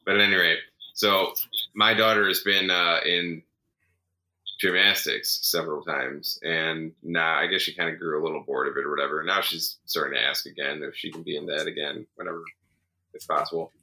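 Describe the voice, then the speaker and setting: Very deep, bright-edged male co-host. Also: fairly even intonation, moderate pace, low-quality recording. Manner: rambling, self-correcting, tired. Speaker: podcast co-host. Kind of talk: casual chat.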